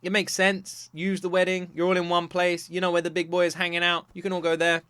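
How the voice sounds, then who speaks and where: Man, reaction host, animated, joking, rapid talk, dry close sound. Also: high voice, clear, resonant tone, no room sound. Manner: animated, joking, acts out scenes. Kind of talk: casual reaction commentary.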